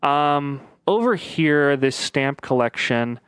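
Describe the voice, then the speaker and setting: A man giving casual let's-play commentary as he plays a puzzle game, thinking aloud with frequent pauses and fillers. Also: on the high side, expressive, a bit bright, clear, resonant tone, dry recording. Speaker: gaming video creator.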